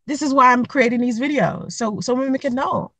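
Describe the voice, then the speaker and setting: A young woman telling a dating story to camera in a blunt, profane, animated way, acting out the quotes. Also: high voice, a little fast, dry recording, rough recording. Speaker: vlogger giving dating advice.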